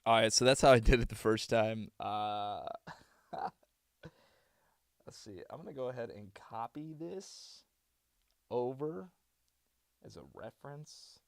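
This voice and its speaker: A man's voice: mid-range voice, slow, vocal fry, pauses often, no echo. A man streaming casually, muttering to himself and thinking aloud as he rehearses voice-over reads. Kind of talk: casual livestream talk.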